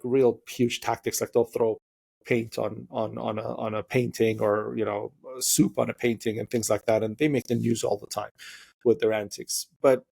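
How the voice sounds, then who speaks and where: A young man hosting a podcast interview, talking in an animated, opinionated way and slipping into quoted voices. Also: mid-range voice, creaky, husky. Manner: animated, opinionated, mimics voices when quoting. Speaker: podcast host. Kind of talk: casual interview conversation.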